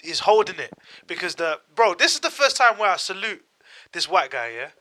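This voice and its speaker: A man in casual podcast banter, excitable and slangy, repeating his points. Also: high-pitched, normal speed. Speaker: podcast co-host.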